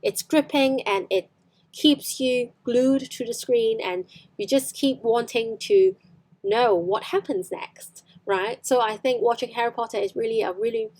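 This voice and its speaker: Young Cantonese-native woman, live English lesson, patient repetition, higher pitch. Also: a little mellow. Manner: explains slowly, repeats lines for practice. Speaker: English teacher.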